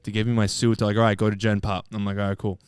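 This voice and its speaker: Fast-talking man telling a story. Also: lowish voice, little pitch movement, smooth, no room sound, clean studio sound. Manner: loose, profane, laughing storyteller. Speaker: podcast co-host. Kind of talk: casual storytelling among friends.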